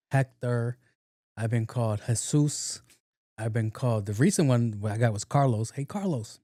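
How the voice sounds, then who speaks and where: A middle-aged man, hosting a podcast and telling casual stories, profane and animated, laughing often. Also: mid-range voice, no room sound, clean studio sound. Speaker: podcast host. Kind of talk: casual storytelling monologue.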